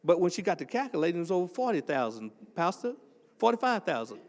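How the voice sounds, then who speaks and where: An older man, preaching a testimony sermon as associate pastor and telling a story that builds up into shouting. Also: high voice, fast talker, big-room sound. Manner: animated storytelling, swells into shouting.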